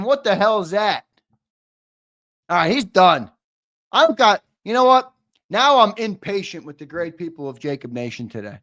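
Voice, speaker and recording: A man hosting a livestream, teasing and swearing in loud, casual banter with his viewers. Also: high-pitched. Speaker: host.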